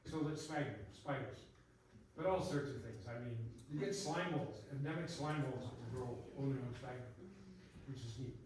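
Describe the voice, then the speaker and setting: The speaker is an older man, a guest botanist at a public event, telling casual, digressive stories with plenty of laughs. His medium-pitched, darkish voice moves fairly quickly, captured by a far-off mic in an echoing room with slight hiss or hum.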